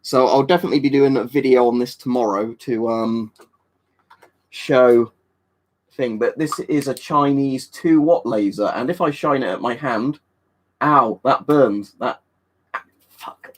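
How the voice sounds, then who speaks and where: English male streamer, mid-pitched, offhand and rambling, casual viewer Q&A. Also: normal speed. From England. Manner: rambling and offhand, with many fillers and restarts. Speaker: livestream host. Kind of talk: casual live-stream chat answering viewer comments.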